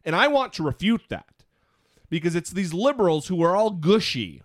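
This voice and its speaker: Animated man on a dry podcast mic. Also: on the high side, no echo. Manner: animated, self-mocking, quick asides. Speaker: podcast co-host. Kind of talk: casual podcast chat.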